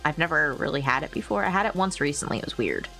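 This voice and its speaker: A woman's voice: low voice, very animated, fast talker, fairly bright tone, faint music behind. A woman livestreaming casual chat, rambling, laughing often and swearing freely into a new microphone. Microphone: new desk microphone.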